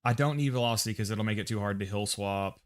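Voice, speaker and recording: A man's voice: on the low side, fast talker. A man with an American accent casually talking to himself and reading chat while setting up a game loadout on a livestream. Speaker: streamer.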